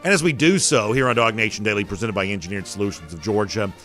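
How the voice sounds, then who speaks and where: Low-voiced sports show host. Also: male voice, fast, a bit bright, soft background music. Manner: conversational, lots of "you know" fillers. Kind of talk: casual sports talk show, reading viewer comments.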